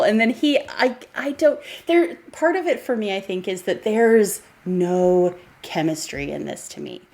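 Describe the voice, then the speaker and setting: A woman co-hosts a podcast in an easy, chatty film discussion. She laughs often and slips into little acted-out quotes as she makes her points. Her voice sits at an everyday middle pitch. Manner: animated, laughing, acts out quotes. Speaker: podcast co-host.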